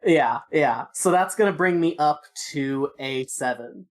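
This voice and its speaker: A woman player at a tabletop game with a low-pitched voice. She chats casually and keeps an eye on the rules with quick asides. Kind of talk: casual chat.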